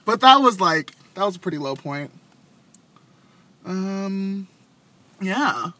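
Young man, casual chat, animated storyteller, high-pitched, bright tone. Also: slow pace, no echo. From Vietnamese family background. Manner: animated storytelling, loud acted quotes.

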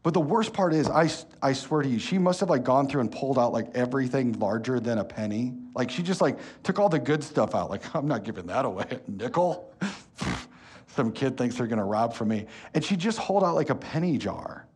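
Husky-voiced pastor preaching. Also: male voice, mid-range voice. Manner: animated storytelling, drops soft and slow when earnest. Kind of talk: sermon. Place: church hall.

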